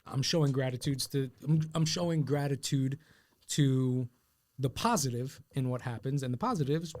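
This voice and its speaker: Male podcast co-host, casual storyteller, mid-pitched. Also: moderate pace, darkish tone. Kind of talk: casual conversation.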